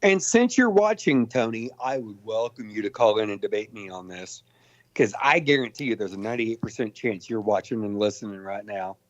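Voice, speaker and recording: A man's voice: on the low side, expressive, a little fast, no echo. A man calling in to a livestream show, combative and boastful. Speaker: caller. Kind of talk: call-in on a livestream. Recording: dull dry line.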